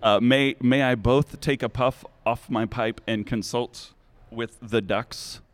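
A man's voice: mid-range voice, steady tone, takes it slowly. A man playing a tabletop game, goofy and playful in casual banter. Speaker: player.

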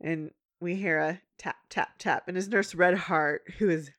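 A woman in her thirties, recapping a cartoon episode in casual chat and acting out the characters' lines. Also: a little slow. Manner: animated, acts out characters' lines in a high voice. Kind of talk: casual chat, retelling with voiced quotes.

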